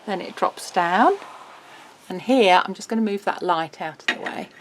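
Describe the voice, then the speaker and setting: A woman's voice: medium pitch, very noisy. A middle-aged woman, presenting a craft album in a casual, bubbly walkthrough. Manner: chatty, bubbly, quick laughs.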